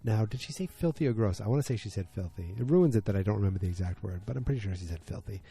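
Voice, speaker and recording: A man's voice: lowish voice, expressive, rapid-fire, dark tone, slightly rough. A man hosting a podcast from his home basement, recapping an episode casually with lots of fillers and restarts. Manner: rambling, many fillers and restarts. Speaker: podcast host.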